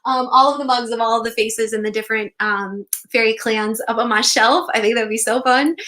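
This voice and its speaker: A young woman hosting a casual livestream, bubbly and excitable, reading out viewer comments and squealing with delight. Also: fairly high pitch, fairly quick. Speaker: author and livestream host.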